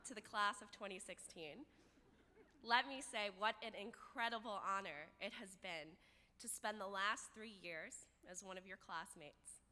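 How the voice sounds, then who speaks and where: A woman's voice: medium pitch, a little slow, sharp tone. Young woman giving a graduation speech. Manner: self-deprecating, humorous. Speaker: graduating student speaker. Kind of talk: commencement speech. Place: large ceremony hall. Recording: long hall reverb.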